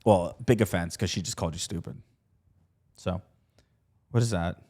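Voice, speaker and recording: A woman co-hosting a podcast, tossing out quick sarcastic quips and teasing her co-host. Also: extremely low pitch, mellow. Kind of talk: casual chat.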